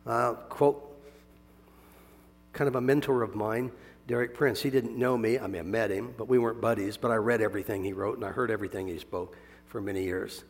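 A male pastor delivers an animated sermon, moving between soft asides and loud, emphatic bursts and chuckling frequently. His voice sits lowish and sounds creaky, his pace is brisk, and a long reverb tail follows his words.

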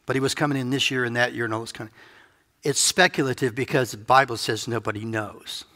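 A man's voice: medium pitch, fairly even intonation, fast, bright, forceful tone. A male pastor giving a conversational sermon, musing aloud with playful asides. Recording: reverberant hall.

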